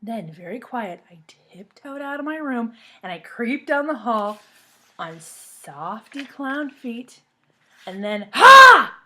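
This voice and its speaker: A woman reading a children's storybook aloud in a lively, expressive way, then talking to the children she reads for. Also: fairly high pitch, slow. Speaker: reader of a children's book.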